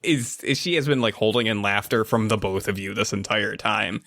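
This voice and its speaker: A man's voice: on the low side, moderate pace, vocal fry, a bit bright, no room sound. Man, game master, casual tabletop narration, laughing, dry close sound. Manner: casual, laughing, loose with filler "like".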